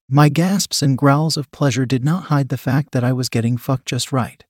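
Brief: a steady, measured male narrator of an erotic audio story, with a mid-pitched voice on a dry, close recording. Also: breathy edge, dry recording.

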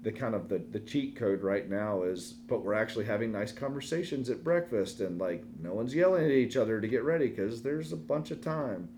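Casual male co-host, thirties, lively storyteller, slight noise floor. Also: fairly low pitch, fairly quick, few pauses. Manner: animated storyteller, quoting family in lively voices.

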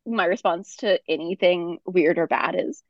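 A woman's voice: fairly low pitch, lively intonation, moderate pace, dry recording. A woman co-hosting a podcast, giving wry pop-culture commentary in casual chat with laughs and fillers. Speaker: podcast co-host. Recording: dull, dry lo-fi mic.

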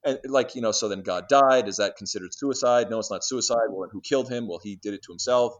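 A man being interviewed, telling stories in a lively way and acting out conversations, with many restarts and fillers. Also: lowish voice, fast. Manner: animated storyteller who acts out exchanges, many restarts and fillers. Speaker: interview guest. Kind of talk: casual storytelling interview.

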